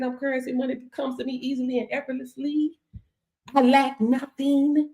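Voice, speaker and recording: A woman's voice: high-pitched, little pitch movement, normal speed, darkish tone. A woman hosting a casual livestream, preaching and laughing in a sassy, colloquial way as a business mentor. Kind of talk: casual motivational livestream talk. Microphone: streaming setup.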